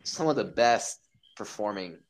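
A man chatting excitedly on a podcast, swearing often and acting out his own reactions. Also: fairly low pitch, measured pace, rough recording. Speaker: podcast guest. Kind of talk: casual podcast chat.

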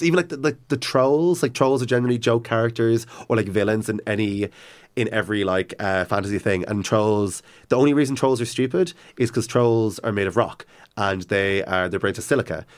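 A man talks quickly and in a low register, jumping between thoughts with lots of fillers. His retelling is eager and rambling, and he sounds like a relaxed fan chatting. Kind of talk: casual chat.

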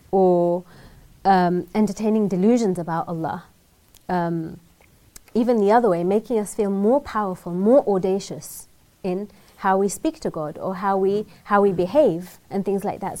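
Woman teacher, mellow warm tone; chatty Quran lesson, quick Arabic recitation, frequent "right?" check-ins. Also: medium pitch. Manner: conversational, often checks in with "right?"; recites Arabic verses quickly, then explains in English. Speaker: Islamic teacher. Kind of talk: religious lesson on Quran verses.

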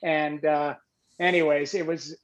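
A former hockey goalie telling an animated, rambling story in casual chat, with many restarts. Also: male voice, fairly high pitch, a little slow.

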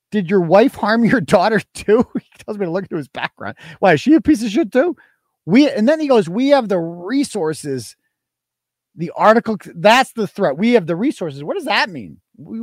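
A man's voice: high voice, dry recording, studio quality. A man with a Boston accent hosting a livestream talk show, ranting in a mocking, combative and profane way. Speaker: podcast host.

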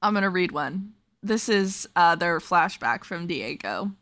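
A woman co-hosting a casual book podcast, reading passages aloud quickly and laughing as she talks. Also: fairly low pitch, animated, fairly bright tone, no room sound, studio quality. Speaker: podcast co-host.

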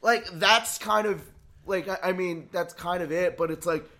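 A man co-hosting a casual sports podcast, excitable, stumbling over restarts and swearing freely. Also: high voice, normal speed. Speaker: podcast co-host.

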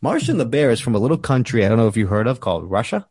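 A man hosting a podcast, telling a profane, animated story in casual chat. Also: medium pitch, very fast, breathy edge. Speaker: podcast host.

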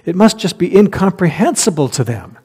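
A man's voice: high-pitched, sing-song, brisk, mellow, breathy edge. A man preaching a conversational sermon as pastor, reading scripture aloud and laughing at his own slips. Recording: long hall reverb.

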